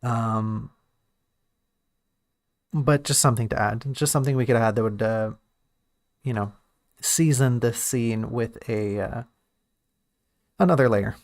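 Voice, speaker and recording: A man's voice: medium pitch, a little slow, pauses often, dry recording, clean studio sound. A man who writes and streams, talking casually and thinking aloud about a story draft, often restarting and correcting himself.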